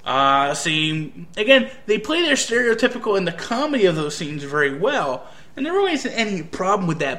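A man from the United States talks through a review in a loose, hesitant way, often restarting his sentences. His voice sits a little high and sounds bright and forceful. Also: big pitch swings, moderate pace. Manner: hesitant, rambling, frequent restarts. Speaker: anime reviewer. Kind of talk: casual spoken review.

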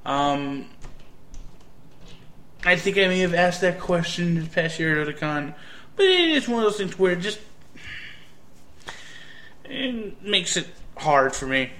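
American man, casual reviewer, fairly high and sharp-edged tone, halting rambling delivery. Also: animated. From United States. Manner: hesitant, rambling, frequent restarts. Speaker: anime reviewer.

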